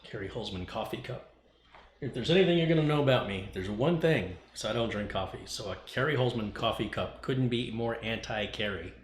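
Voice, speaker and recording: Man, fairly low voice, teasing livestream host, reads chat, echoey room, light hiss. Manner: joking, teasing, chatty. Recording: echoey room, faint noise.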